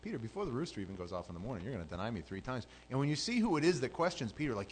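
A man preaching a sermon as pastor, telling the story with animated swings between loud, fervent passages and hushed asides. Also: mid-range voice, racing, few pauses, slight background noise, low-quality recording.

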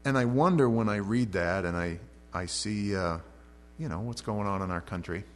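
Speaking at a moderate pace in a lowish voice, a man gives an expository sermon as a pastor. He goes verse by verse, reading scripture aloud and then paraphrasing it casually in modern speech, with faint mains hum present.

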